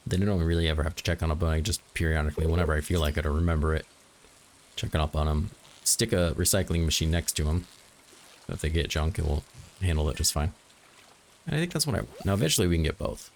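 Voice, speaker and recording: A gaming host with a very deep voice talks fast while playing a farming game, musing aloud and tossing off dry jokes that mock himself. A little hiss or hum runs under the recording.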